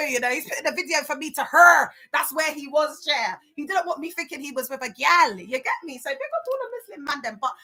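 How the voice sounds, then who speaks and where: A woman's voice: sits high, fast talker, hardly any pauses. A woman hosting a casual live stream, outspoken and emphatic, chatting straight to her viewers in slang and calling them babe and love. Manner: lively, slangy, talks straight to the chat with endearments.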